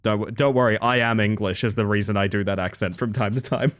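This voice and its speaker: A man's voice: lowish voice, steady tone, fairly quick, a bit bright. A young man chatting casually and playfully with his audience during a game stream, joking about himself and laughing often. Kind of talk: casual gaming stream chat.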